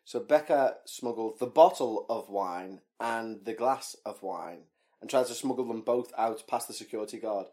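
A man's voice: on the low side, normal speed, mellow. A man co-hosting a podcast, chatting casually and joking through ranting tangents. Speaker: podcast co-host. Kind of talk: casual chat.

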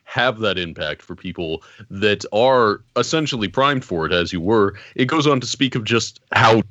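A man co-hosting a podcast, giving a measured, articulate take on a film. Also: fairly low pitch, expressive, fairly bright tone, no echo, highs cut off. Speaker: podcast co-host. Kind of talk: casual film discussion.

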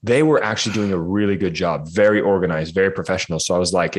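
A man with a fairly low voice tells his story as a guest on a podcast. He talks with animated energy and acts out the other people in it. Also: fast talker, few pauses, slightly rough. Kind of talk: casual storytelling in a podcast interview.

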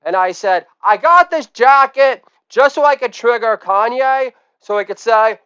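A middle-aged man hosting a comedy podcast, telling a crude deadpan monologue that swings from low mumbled asides to loud shouted catchphrases. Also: a little slow, few pauses, clean tone, no echo.

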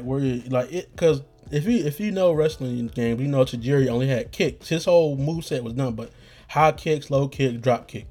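A hoarse young man hosts a podcast, rambling in slangy, profane talk full of restarts. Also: medium pitch, a little mellow. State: getting hoarse. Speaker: podcast host. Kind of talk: rambling casual monologue.

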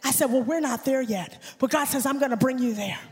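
High-voiced woman preaching in a reverberant hall. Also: brisk. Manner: fervent preaching, rising to shouts and a sung cadence. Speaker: guest preacher. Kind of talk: impassioned sermon. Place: church sanctuary. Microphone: handheld microphone. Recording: long church hall reverb.

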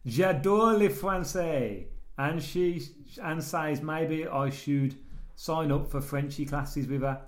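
A man reading out a letter in the voice of a simple-minded, bumbling male writer who uses broken grammar. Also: a little high. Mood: deadpan. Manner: slow, halting, broken grammar.

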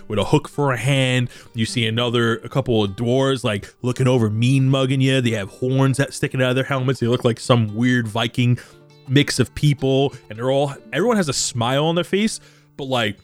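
Casual young game master narrating. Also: male voice, medium pitch. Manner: casual, descriptive, filler-heavy.

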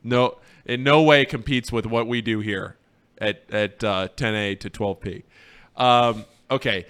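Bright, smooth-voiced male radio host. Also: lowish voice, unhurried. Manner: animated play-by-play calling of a race; earnest and sincere when reflecting. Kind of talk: casual sports radio chat.

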